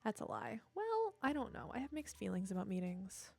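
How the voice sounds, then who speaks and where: A young woman talks casually to her stream on a desk mic, her voice full of gravelly fry. She's chatty and self-mocking and laughs at herself a lot. Faint music plays behind her. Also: fairly high pitch, big pitch swings, moderate pace, mellow. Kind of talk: casual chat with viewers.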